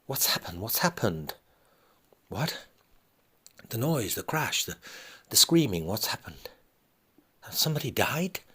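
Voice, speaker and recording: A man's voice: fairly low pitch, sing-song, unhurried, long pauses, pushed and bright, breathy edge, pitched above the performer's own voice, heavily acted. A man voicing an agitated grown son, urgent and protective of his mother. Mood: alarmed.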